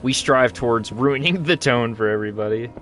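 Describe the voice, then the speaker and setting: Over background game music, a young man hosting a gaming channel chats casually while playing. His mid-range voice is a little fast and a bit bright, and he rambles, jokes, and uses slang.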